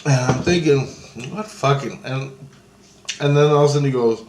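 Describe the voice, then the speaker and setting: A mid-range male voice, fairly quick with fairly even intonation, comes through over a noisy background. He's loosely recounting a dream with swearing, restarts and gesture-style phrasing, in casual spoken storytelling. The space sounds roomy and echoey, with faint ambience.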